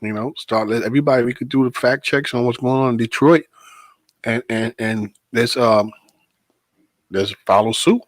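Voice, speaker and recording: A man, co-hosting a casual podcast chat, animated and quick to laugh and swear. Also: medium pitch, dry recording. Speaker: podcast co-host, transit worker.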